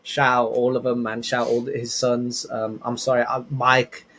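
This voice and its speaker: At a normal speed and medium pitch, a young man shares rambling, animated anecdotes as a podcast guest, restarting often in a casual storytelling style.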